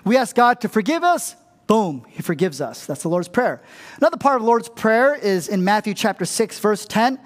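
High-voiced male pastor, chatty sermon. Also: big pitch swings, moderate pace, in a large hall. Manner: casual and humorous, often asks the crowd "right?". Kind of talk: conversational sermon.

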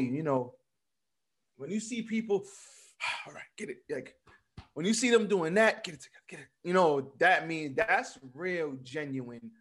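A man co-hosting a casual wrestling podcast, blunt and swearing freely, laughing often as he talks. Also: a little high. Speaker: podcast co-host.

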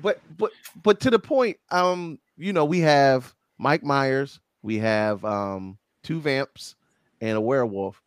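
A man's voice: medium pitch, takes it slowly, smooth, dry recording, studio quality. A man co-hosting a casual group chat, joking and swearing with friends. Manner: animated, joking, profane.

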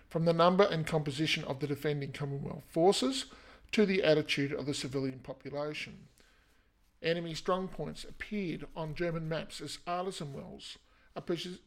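Australian male history podcaster, gravelly, slightly high voice, chatty, faint music underneath. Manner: chatty and self-deprecating, with asides and fillers. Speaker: podcast host.

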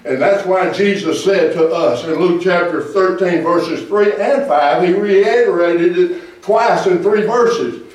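Male pastor, fervent sermon, high voice, distant mic in a roomy church. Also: measured pace, few pauses. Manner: preaching with call-and-response, rising to shouts. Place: church sanctuary. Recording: echoey church hall from far off.

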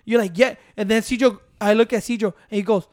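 A man's voice: high-pitched, fairly even intonation, quick pace, darkish tone, no echo, clean studio sound. Profane, laughing code-switching man. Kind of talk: casual chat.

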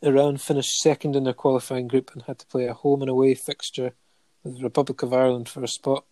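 Guy on a podcast going thru a list of trophies, mellow tone, dry close sound, lots of ums. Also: medium pitch, flat delivery, fast, dry recording. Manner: listing facts steadily with many ums and chuckles. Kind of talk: casual chat, reading out a football player's honours.

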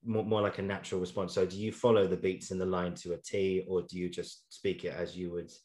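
A man hosts a casual interview podcast, asking questions in a relaxed, enthusiastic way. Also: low voice, fairly quick. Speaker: podcast host. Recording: roomy echo.

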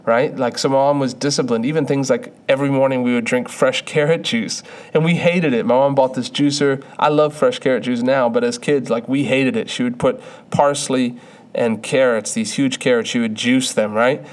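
An earnest young man preaches in a loose, conversational way and often restarts a phrase before pressing on. His voice sits at a middling pitch. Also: fairly even intonation, fairly quick. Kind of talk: sermon.

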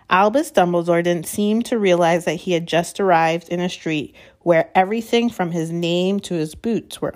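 A woman reading a novel chapter aloud in a measured way, with small slips and restarts. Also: fairly low pitch, darkish tone. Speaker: reader.

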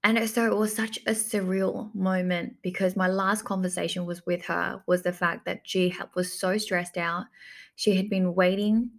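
A woman recounts a personal story in a slow, reflective way. Her voice sits low with a gravelly fry, and she often says "like" and repeats her phrases as she talks. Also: level tone. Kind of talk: personal story told to camera.

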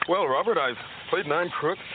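An actor playing a cheerful graduate in a spoof commercial. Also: male voice, a little high, moderate pace, close to an everyday voice. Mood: proud. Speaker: actor graduate being interviewed. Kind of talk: comedy film sketch. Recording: tinny phone-line film audio with hiss.

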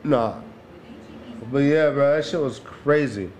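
A man's voice: mid-range voice, takes it slowly, a little mellow, a little hiss or hum. A man co-hosting a podcast, telling rambling stories in casual, profane slang. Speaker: podcast co-host. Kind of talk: casual chat.

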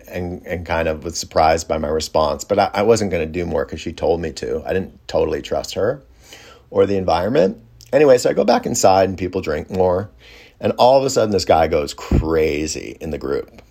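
Low-voiced man telling a rambling story. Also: lively intonation, moderate pace, vocal fry, darkish tone. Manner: rambling, reflective, with many fillers and restarts. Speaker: storyteller recounting a personal experience. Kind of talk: casual first-person storytelling.

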